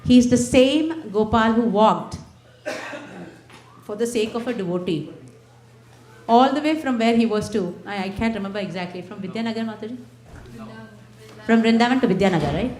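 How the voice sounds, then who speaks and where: A woman's voice: fairly high pitch, normal speed, long pauses, a little mellow. A woman giving a personal, conversational devotional talk to a temple congregation, asking the audience questions. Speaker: temple speaker. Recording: echoey temple hall.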